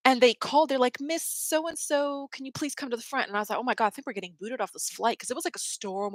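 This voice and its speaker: This is a woman of medium pitch and a fairly bright tone, recorded dry. As a livestream host, she rambles through a story in casual chat, saying "like" constantly and laughing mid-sentence.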